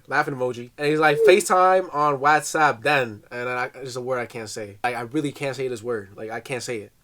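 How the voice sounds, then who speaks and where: A young man with a bright, slightly high voice tells a prank story in a casual vlog. He talks into his phone with jokey energy and reads out text messages in a put-on voice. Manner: animated, reads out texts in a mock voice, jokey. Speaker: vlogger.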